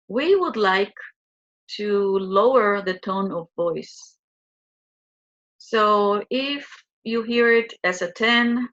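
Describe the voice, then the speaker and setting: A woman coaching listeners through a guided tapping exercise in a slow, soothing, repetitive way. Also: medium pitch, a bit bright, dull audio.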